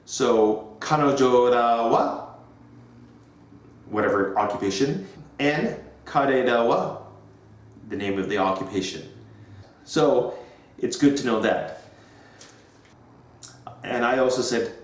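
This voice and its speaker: Man, English teacher, slow over-enunciated drilling, echoey room. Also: medium pitch, expressive. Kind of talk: teaching demonstration.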